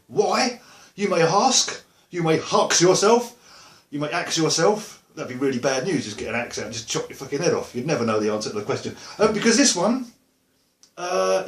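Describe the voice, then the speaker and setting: An Essex man talks to camera in loose, joking, wandering chat, full of "um" and "you know." His voice sits at an ordinary middle pitch. The room around him rings noticeably. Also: roomy sound. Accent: Essex English. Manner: jokey, rambling, lots of fillers and asides. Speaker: musician vlogger. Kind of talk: casual rambling chat to camera.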